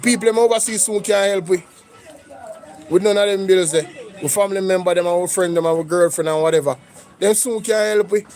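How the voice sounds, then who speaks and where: Jamaican man with a mellow voice. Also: high-pitched, a little fast, faint music behind. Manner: conversational, lapsing into patois. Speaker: reaction channel host. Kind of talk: casual commentary with livestream shout-outs.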